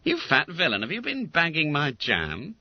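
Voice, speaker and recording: A man's voice: fairly high pitch, wildly swooping pitch, moderate pace, no room sound, voice pushed up. A man voicing a tough, scornful teenage schoolboy in an audiobook, on a dull lo-fi recording.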